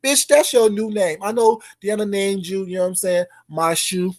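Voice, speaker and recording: A YouTuber ranting in a call-out vlog, loud and profane, taunting, repeating a name mockingly and swinging between shouts and low mutters. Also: fairly even intonation, normal speed.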